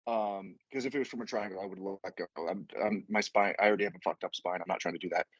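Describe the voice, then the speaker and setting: Husky-voiced man telling a rambling story. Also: sits low, fairly even intonation, fast, dry recording, muffled recording. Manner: profane, rambling, laughing storyteller. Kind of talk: casual storytelling.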